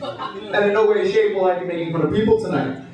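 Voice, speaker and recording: A male stand-up comedian telling crude deadpan one-liners, with filler "uh"s, to a club audience. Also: high-pitched, a little fast, lo-fi sound. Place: hotel comedy club stage, indoors. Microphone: handheld stage mic. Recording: echoey club from far off, crowd laughing. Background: audience laughter.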